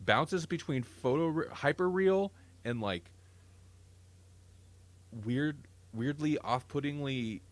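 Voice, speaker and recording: A man's voice: fairly high pitch, takes it slowly, long pauses, no room sound. A man hosting a casual podcast chat, rambling and enthusiastic, often correcting himself mid-sentence. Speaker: podcast host.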